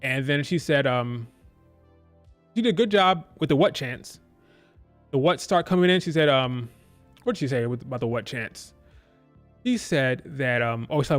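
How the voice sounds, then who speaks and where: A man's voice: medium pitch, lively intonation, moderate pace, long pauses, soft background music. Rambling man reviewing wrestling on stream. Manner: rambling, filler-heavy, loose and conversational. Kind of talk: casual live-stream review.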